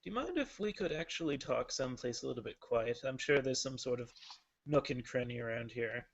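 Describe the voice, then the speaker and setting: A man's voice: mid-range voice, expressive, fairly quick, creaky. A man voicing a friendly newcomer vampire man with an easygoing manner in a tabletop game, on a muffled, lo-fi recording.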